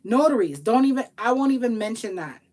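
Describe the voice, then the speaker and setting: A woman tax professional giving casual motivational advice to viewers, animated and pleading, acting out little quoted exchanges. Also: a little high, fairly quick. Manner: pleading, repeats herself for emphasis. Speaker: tax professional and business coach.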